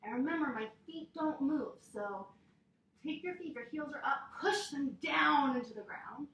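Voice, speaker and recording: High-voiced woman leading kids' yoga. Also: normal speed, recorded from a distance, muffled recording. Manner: gentle, encouraging, playful animal sounds. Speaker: children's yoga teacher. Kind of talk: storytime with kids' yoga instruction. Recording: echoey room.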